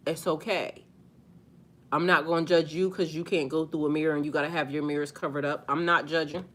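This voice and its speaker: Sassy, bright-voiced woman live-streaming. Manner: sassy, blunt, talks back to commenters; rises loud and high when worked up. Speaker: spiritual live-stream host. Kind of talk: live-stream chat replying to viewers.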